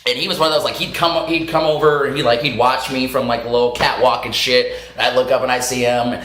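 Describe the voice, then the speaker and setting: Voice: medium pitch, fairly even intonation, fast talker, background noise. A vlogger telling a story in a casual, profane way, laughing often as the story goes. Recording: roomy echo.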